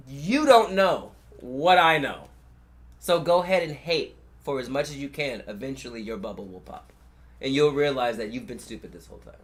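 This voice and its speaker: Profane young man storytelling. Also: a little high. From California. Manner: profane, animated storyteller who acts out quoted people. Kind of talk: casual conversation.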